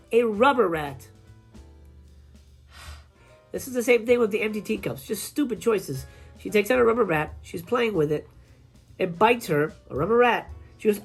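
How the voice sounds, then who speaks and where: A woman film reviewer tearing into a bad movie in a loose, profanity-laced rant. Her voice sits at an ordinary middle pitch, and she slips into quick put-on voices to act out scenes. Faint music plays behind her. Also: slightly rough. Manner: animated, swears a lot, acts out scenes in quoted voices.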